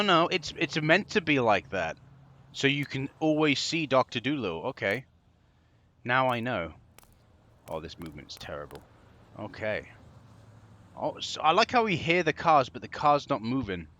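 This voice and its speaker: A man's voice: mid-range voice, pushed and bright, dull audio. A young man giving casual gameplay commentary, sarcastic and exasperated, swearing freely as he plays. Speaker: game commentator.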